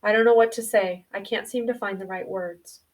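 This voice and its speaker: A woman voicing a gentle farm mother who speaks softly and soothingly. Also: medium pitch, fairly even intonation, moderate pace, distant mic, natural voice, low-quality recording. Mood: consoling. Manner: soft and soothing.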